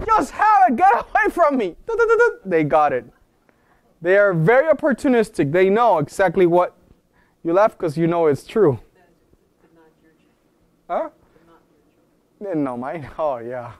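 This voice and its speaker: A man teaching an informal wellness lecture, animated and full of questions to his listeners. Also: fairly high pitch, no room sound. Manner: animated, acts out quoted voices, asks the room questions.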